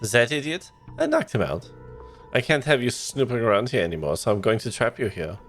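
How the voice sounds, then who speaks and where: A man's voice: mid-range voice, big pitch swings, brisk, a bit bright, soft background music, voice pushed up. A man voicing a scheming male villain, the girl's guardian, in a smug, gloating manner.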